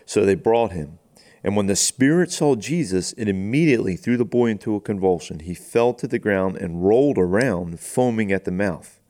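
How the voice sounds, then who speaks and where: A man with a very deep, low-pitched voice reads a scripture passage and unpacks it in plain conversational talk. As a pastor co-hosting a podcast, he pauses to think aloud and voices the quoted lines in an easygoing way. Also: expressive, warm tone. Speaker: pastor co-host of a faith podcast. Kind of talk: reading and explaining scripture in casual chat.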